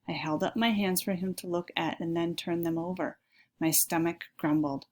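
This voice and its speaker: A woman's voice: fairly low pitch, steady tone, moderate pace. A woman reading a children's chapter book aloud, friendly and speaking directly to her listeners.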